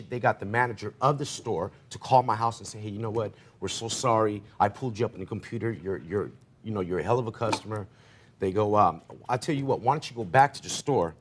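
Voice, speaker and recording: A man telling his side of a dispute in a televised courtroom, rambling through his account with quoted back-and-forth. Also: on the low side. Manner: rambling, rapid retelling with quoted dialogue. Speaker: defendant.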